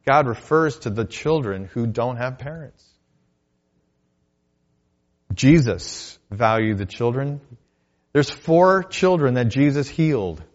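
Preaching man, booming then hushed. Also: dull audio. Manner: dramatic swings between loud declarations and hushed asides. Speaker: pastor. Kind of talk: sermon.

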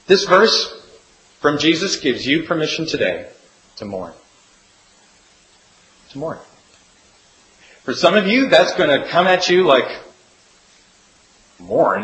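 A man preaching a sermon as pastor, speaking earnestly and swinging between emphatic rises and hushed, drawn-out drops. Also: mid-range voice. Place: church sanctuary. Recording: echoey room with faint hiss.

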